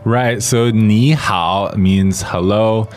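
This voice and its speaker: A man's voice: lowish voice, fairly even intonation, drawn-out words, darkish tone, faint music behind. A man explaining phrases conversationally in a podcast language lesson. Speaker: language teacher.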